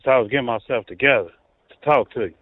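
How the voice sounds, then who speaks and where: A man phones in to a talk show, relaxed but insistent in how he makes his point. His voice comes through a tinny, dry phone line. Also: medium pitch, quick pace, slightly rough, no echo. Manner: laid-back, conversational, insistent. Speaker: caller. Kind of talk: phone call-in chat.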